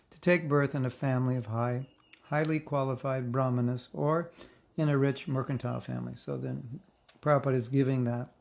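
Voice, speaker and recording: A man's voice: mid-range voice, vocal fry, a little mellow. A man teaching a casual online scripture class, reading passages aloud and breaking off into joking, chatty asides. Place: online class, seated in a chair.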